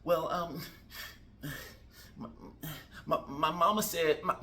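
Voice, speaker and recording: A man's voice: on the high side, fairly even intonation, takes it slowly, pushed and bright, a little hiss or hum, full character voice. A man voicing a nervous young male job applicant who stammers and flusters through his answers. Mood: flustered.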